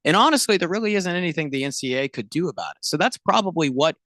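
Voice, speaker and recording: A man's voice: a little high, expressive, rapid-fire, a bit bright, dry recording. A man co-hosting a sports radio show who lays out his points step by step in an earnest way. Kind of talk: casual sports talk.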